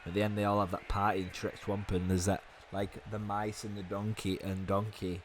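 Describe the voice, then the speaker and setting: A young man with a hoarse, fading voice, giving fast, chatty commentary on a wrestling video game. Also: fairly low pitch, level tone, a little hiss or hum. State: hoarse, losing his voice. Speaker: gaming YouTuber.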